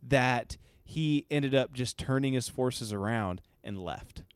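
A man's voice: medium pitch, takes it slowly, clean tone, no echo. A man co-hosting a podcast in casual chat, rambling with many restarts and fillers. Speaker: podcast co-host.

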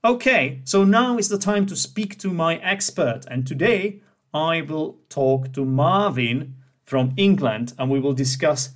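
A slightly high-voiced man teaches an English grammar lesson on his podcast. He explains patiently, often pausing to ask if things are clear. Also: lively intonation.

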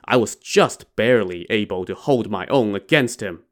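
A man's voice: on the low side, lively intonation, normal speed, natural voice. A man voicing a proud outlaw army officer in a terse, self-assured way, close to his own voice.

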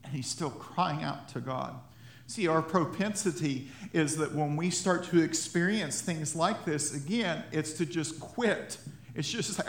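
Male pastor, high voice, chatty sermon delivery with restarts and chuckles, roomy church sound. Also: a little slow, creaky. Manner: conversational preaching with self-repeats and chuckles. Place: church sanctuary. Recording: echoey church sanctuary.

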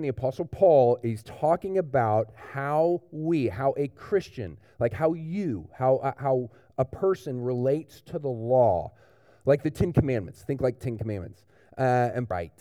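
A man preaching a children's sermon in church, telling a picture-book story in a lively, animated way to the young ones. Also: medium pitch, no room sound, studio quality. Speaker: pastor.

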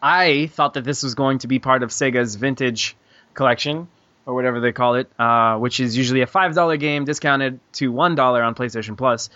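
A man hosting a casual gaming podcast, excitable, swearing and laughing often. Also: mid-range voice, brisk, highs cut off. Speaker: podcast host.

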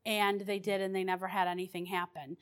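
A woman's voice: mid-range voice, flat delivery, a little fast. A woman paranormal investigator telling her stories in a chatty, rambling way, with restarts and fillers. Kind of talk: casual storytelling.

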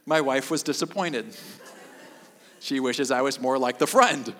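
A middle-aged man preaching in a dry, deadpan way, poking fun at himself and repeating his main points. His mid-range voice carries a long reverberant tail from a large sanctuary. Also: medium pitch, a little slow. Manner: deadpan, self-mocking humor with emphatic repetition. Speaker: pastor. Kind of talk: sermon.

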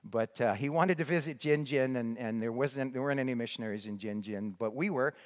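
An older man recounts his missionary years in a loose storytelling talk. He rambles, restarts his sentences and fills pauses with "uh" and "you know". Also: medium pitch. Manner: rambling with many restarts and fillers. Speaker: former missionary.

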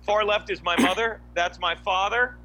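A man hosting a podcast, telling animated stories in casual chat with lots of asides. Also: sits high, moderate pace, slight background noise, rough recording. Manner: animated storytelling, frequent asides. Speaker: podcast host.

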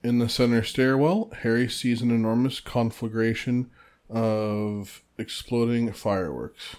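Man calmly reading a summary. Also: mid-range voice, unhurried. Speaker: podcast co-host.

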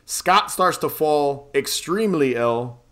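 A man's voice: a little high, lively intonation, slow pace, fairly bright tone. A man casually recapping a film plot on a podcast, rambling, swearing and laughing often. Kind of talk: casual chat.

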